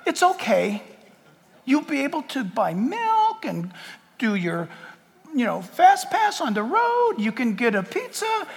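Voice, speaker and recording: Man doing a smooth male end-times deceiver: high, slow, falsely comforting; reverberant hall. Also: huge pitch swings, exaggerated voice. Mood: coaxing. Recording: long church hall reverb.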